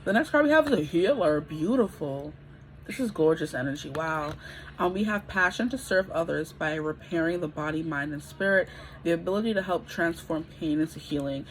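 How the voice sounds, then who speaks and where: A woman's voice: sits low, animated, normal speed, a little hiss or hum, low-quality recording. A woman in her twenties giving a casual pick-a-card tarot reading, chatty and rambling, often checking in with her listeners. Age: 20s.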